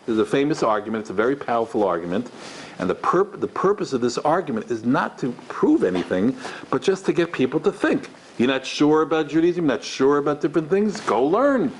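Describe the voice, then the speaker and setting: A man's voice: fairly high pitch, big pitch swings, a little fast, slight background noise. A man who is a rabbi, giving a lecture with stories and acting out the dialogue, recorded on a microphone in a community hall. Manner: acts out dialogue in his stories. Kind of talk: lively lecture with storytelling.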